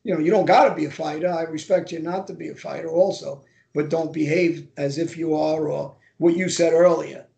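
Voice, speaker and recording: Brief: male co-host, gravelly, somewhat high, loose rambling talk. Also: steady tone, brisk, few pauses, mellow. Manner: loose conversational, many fillers. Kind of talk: casual podcast chat.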